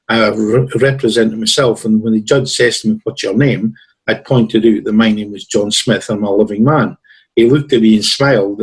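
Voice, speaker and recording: A man's voice: lowish voice, husky, rough recording. A male guest on a talk show telling long, rambling stories and acting out what other people said to him. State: tickly throat with coughs. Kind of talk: storytelling in a conversation.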